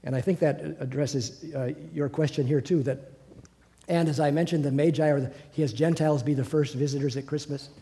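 A man's voice: on the high side, fairly even intonation, fairly quick, warm tone. An older man teaching a Bible class over a video call, musing aloud with many restarts.

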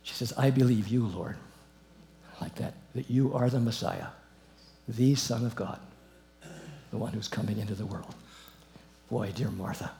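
Middle-aged male Bible teacher, lively and informal, quick to laugh at his own asides. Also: fairly low pitch, creaky, a little hiss or hum. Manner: animated, chuckling, reads verses then comments.

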